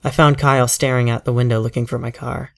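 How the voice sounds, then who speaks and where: A man narrating a horror story aloud, measured and tense as he tells it in first person. His voice sits at a middle pitch, steady and unhurried. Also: creaky.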